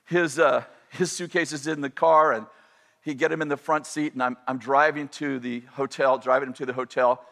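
A man telling a personal story in a sermon, animated and self-interrupting, often repeating and restarting his phrases. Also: mid-range voice, normal speed, creaky.

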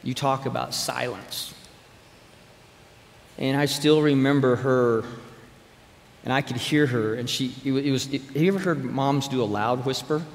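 A man's voice: medium pitch, moderate pace, gravelly, long pauses, a little hiss or hum. A male preacher recounts a family story to his congregation. His delivery is conversational and emphatic, often turning to address the room directly. His voice carries with a long hall reverb over faint room ambience. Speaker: pastor or church speaker. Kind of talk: sermon storytelling. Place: church sanctuary with an audience.

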